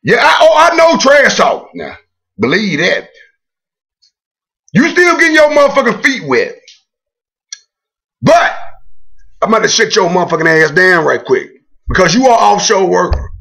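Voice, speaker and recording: Man, gravelly and bright, cocky profane trash talk, video blog rant. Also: sits high, very animated, normal speed, pauses often. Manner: boastful, profane, taunting. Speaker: video blogger. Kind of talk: trash-talking rant to camera.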